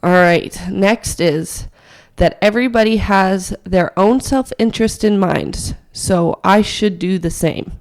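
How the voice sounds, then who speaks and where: A young woman co-hosting a podcast, hoarse from hay fever, with a raspy voice, chatting frankly and laughing often. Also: medium pitch, slow pace, hardly any pauses, a little mellow. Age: young adult. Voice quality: raspy, gravelly. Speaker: podcast co-host. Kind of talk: casual chat.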